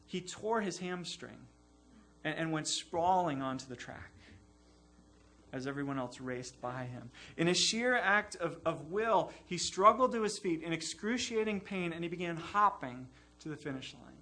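A man preaching with a high, bright voice that carries clearly. He sounds earnest and emphatic, stacking repeated phrases to drive each point home in a sermon. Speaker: pastor.

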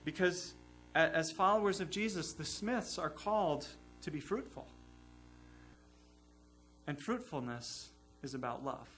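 A man's voice: fairly high pitch, lively intonation, unhurried, pauses often, fairly bright tone, faint music behind. A man preaching a sermon in an earnest, emphatic way, building his points through repeated phrases. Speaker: pastor.

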